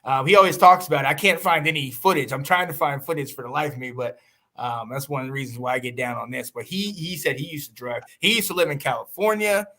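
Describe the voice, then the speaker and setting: A man from the United States hosting a podcast, talking in a rambling, animated way with frequent laughs and restarts. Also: medium pitch, fast. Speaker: podcast host. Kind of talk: casual chat.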